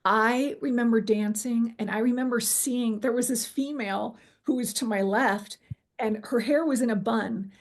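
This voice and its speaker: Gravelly-voiced woman telling a vivid story. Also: fairly high pitch, moderate pace. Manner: animated storyteller, acts out quoted dialogue, frequent fillers. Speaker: guest telling her near-death experience. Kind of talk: personal storytelling interview.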